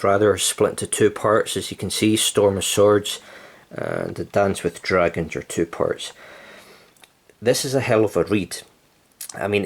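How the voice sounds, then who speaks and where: Casting: young guy, low voice, relaxed rambling vlog delivery, slightly winded. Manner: rambling, relaxed, frequent ums. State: slightly out of breath from heat. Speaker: channel host. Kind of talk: casual vlog chat about his books.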